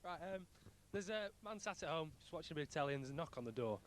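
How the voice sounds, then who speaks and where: A man stopped on the street, telling a joke in a halting, hesitant way. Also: fairly high pitch, animated.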